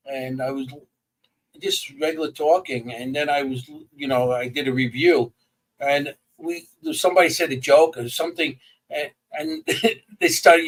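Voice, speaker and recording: Excitable man, slightly off-mic. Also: fairly high pitch, distant mic, poor audio. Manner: animated storyteller, quick to get excited and restart sentences. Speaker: paranormal investigator. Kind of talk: casual chat.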